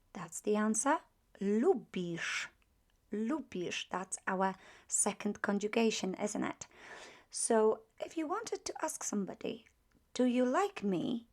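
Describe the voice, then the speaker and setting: Patient woman teaching slowly. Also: medium pitch, darkish tone. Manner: slow, patient, repeats drill phrases with emphasis. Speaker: language teacher. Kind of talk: grammar lesson with spoken drills.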